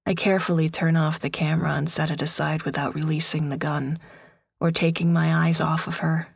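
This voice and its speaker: A woman narrating a first-person story in a hushed, breathy, grieving voice that often drops to a whisper. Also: deep voice, flat delivery, moderate pace, no room sound, studio quality.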